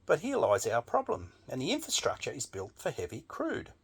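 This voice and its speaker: Man, raspy gravelly voice, swings wildly up and down, blunt and sweary, commentary monologue. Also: medium pitch, wildly swooping pitch, moderate pace. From Australia. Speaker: political commentator. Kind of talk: opinionated monologue.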